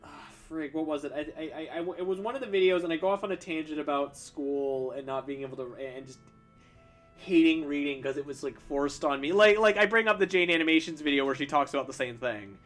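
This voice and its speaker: A man's voice: on the high side, brisk, a bit bright, soft background music. A young man chatting casually while drawing on a stream, rambling and stumbling over restarts with self-deprecating laughs. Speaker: streamer answering chat questions while drawing. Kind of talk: casual chat.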